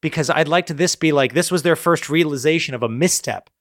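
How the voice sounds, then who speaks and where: A man with a slightly high voice talks fast and loose, swearing freely and jumping into quick voices for the characters he imagines. The sound is close and dry, with no room around it. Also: no echo. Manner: animated, profane, acts out characters' lines. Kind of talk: casual brainstorming chat.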